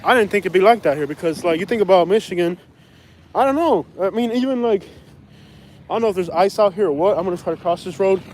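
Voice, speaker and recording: Southern man on a phone vlog, rambling and repetitive, slightly higher voice, outdoors with faint traffic hum. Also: lively intonation, quick pace, darkish tone. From Florida. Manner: rambling, repeats himself, slangy street talk. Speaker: vlogger. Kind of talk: casual walking vlog. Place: outdoors on a snowy windy street. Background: traffic and outdoor ambience.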